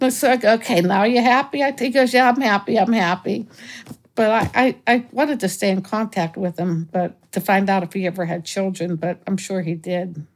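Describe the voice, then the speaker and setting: Woman guest rambling thru a story, lots of restarts, jumps up high when she acts out people. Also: normal speed, few pauses. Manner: animated, acts out callers with raised pitch, frequent restarts. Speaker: guest, former remote viewer. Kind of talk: casual storytelling in an interview.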